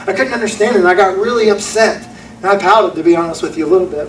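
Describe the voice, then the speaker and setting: A man's voice: sits high, steady tone, racing, slight background noise. A young man preaching a sermon, telling a story in an earnest, folksy way. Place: church auditorium. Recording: echoey room from a distance.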